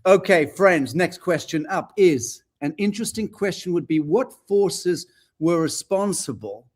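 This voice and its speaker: A man's voice: sits high, expressive, a little slow. A man hosting a panel discussion, reading out audience questions with playful, theatrical banter. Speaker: host.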